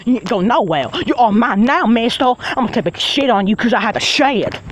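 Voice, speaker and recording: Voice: mid-range voice, animated, brisk, a little hiss or hum, close to an everyday voice, rough recording. A performer voicing a foul-mouthed, furious male villain who rants and threatens in a fan-made machinima. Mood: raging. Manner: ranting, swearing, threatening.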